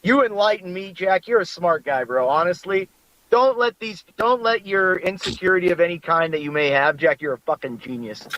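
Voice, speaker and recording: A man in casual stream chat, effusive and quick to swear. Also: sits high, fairly bright tone, highs cut off, a little hiss or hum.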